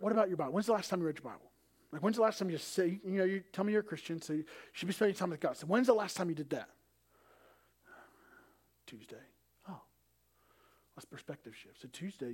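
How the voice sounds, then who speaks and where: A man in his thirties preaching a sermon as a pastor, telling family stories and acting out the dialogue in an animated way. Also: a little high, breathy edge.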